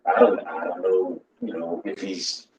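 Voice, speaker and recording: A man's voice: low-pitched, steady tone, a little slow, a little mellow, muffled recording. A man hosting a casual live-stream chat, blunt and profane, often asking "you know what I'm saying". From United States. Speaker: channel host. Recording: roomy echo, faint background noise.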